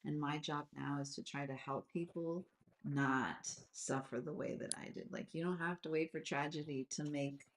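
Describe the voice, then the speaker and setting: A woman in her forties hosting a live video call chat, talking in an animated, rambling way with many fillers. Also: deep voice, normal speed, roomy sound, slight background noise. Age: 40s. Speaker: host.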